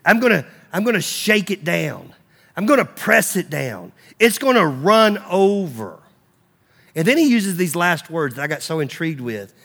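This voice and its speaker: A man preaching a sermon, animated and acting out quoted voices as he teaches from the Bible. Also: high voice, normal speed, vocal fry. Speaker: pastor.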